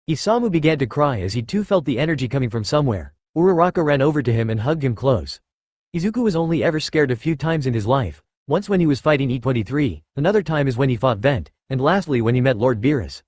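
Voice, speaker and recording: Männlicher Erzähler, trocken aufgenommen. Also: male voice, medium pitch, darkish tone, no echo, clean studio sound. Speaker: narrator. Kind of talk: reading fan fiction aloud.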